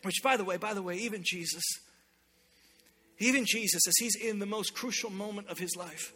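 Pastor guy preaching hard, high bright voice, soft music under it. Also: brisk. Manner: impassioned preaching, acting out God's voice in quotes. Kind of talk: sermon. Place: church with a live congregation.

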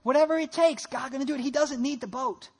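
A pastor preaching a sermon in a church, telling a story with lively rhetorical questions and dropping into soft, low tones for prayer. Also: fast talker, gravelly.

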